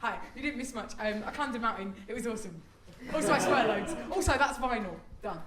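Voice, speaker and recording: A woman's voice: a little high, animated, fairly quick, over a noisy crowd. A woman performing live stand-up comedy, chatty and self-mocking. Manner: chatty, self-mocking, bursts into squealing act-outs. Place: theatre stage before a laughing audience. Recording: roomy live theatre recording, mic at a distance, loud audience.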